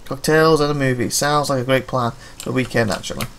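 A man's voice: mid-range voice, quick pace, fairly bright tone, a little hiss or hum. A man playing a detective game, reading the characters' dialogue aloud and breaking off into offhand comments of his own. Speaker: let's play gamer.

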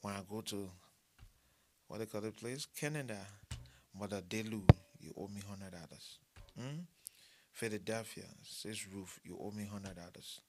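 A man's voice: lowish voice, moderate pace, background noise. A man, preaching a sermon, telling stories and asking for money with humor, repeating short phrases for emphasis. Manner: storytelling preacher who mixes humor with appeals for money. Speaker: pastor.

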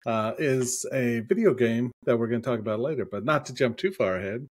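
A man's voice: medium pitch, brisk, husky, dry recording, studio quality. A man co-hosting a casual tech podcast on a headset, easygoing and hedging his opinions with filler ums. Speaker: podcast co-host.

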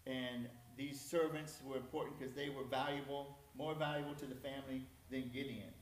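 A man's voice: mid-range voice, flat delivery, moderate pace, slight background noise. A man preaching a conversational sermon in a church, folksy and self-deprecating. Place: church sanctuary. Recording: echoey church hall from far off.

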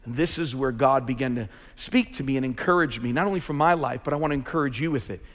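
A man preaching a sermon as a pastor, talking in an emphatic way and swelling louder on his key points. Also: medium pitch, quick pace. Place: large church sanctuary. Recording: long hall reverb from a big church.

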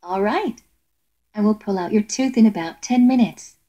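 A man's voice: high voice, moderate pace, warm tone, voice pushed up. A man voicing a matter-of-fact woman dentist in a home role-play video.

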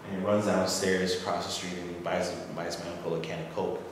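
A man with a low voice tells a personal story from the audience. He rambles and restarts, and he grows lively when quoting people. He sounds far from the mic in a long-reverb hall with clear room noise. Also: a little fast. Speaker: audience member sharing a story. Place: assembly hall.

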